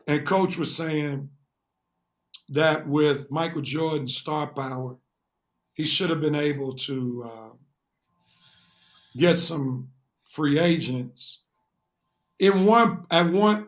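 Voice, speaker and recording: A man co-hosting a sports talk show, explaining his points at length and in earnest. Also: on the high side. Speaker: co-host.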